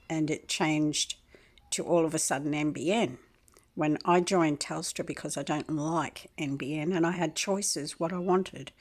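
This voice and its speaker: Slow-talking woman in her sixties. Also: fairly low pitch, darkish tone. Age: 60s. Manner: meandering, clears throat often. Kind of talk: rambling complaint to camera.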